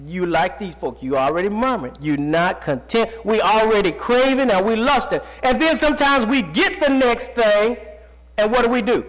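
A man preaching a sermon who reads scripture slowly, then talks to the congregation in plain, folksy speech, his voice jumping up and dropping low. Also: animated, a bit bright. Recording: long reverb of a large hall.

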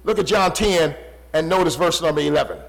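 High-voiced man preaching emphatically. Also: fairly quick, gravelly, low-quality recording. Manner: emphatic, repetitive preaching cadence, dropping low and quiet for stress. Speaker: pastor. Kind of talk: sermon.

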